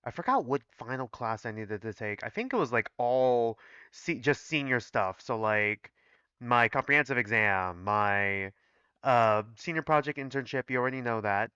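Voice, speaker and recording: Rambling young male reaction host; bright tone, dull dry mic. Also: medium pitch, animated, normal speed, clean tone, no room sound. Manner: rambling, filler-heavy, chatty. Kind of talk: casual reading reaction.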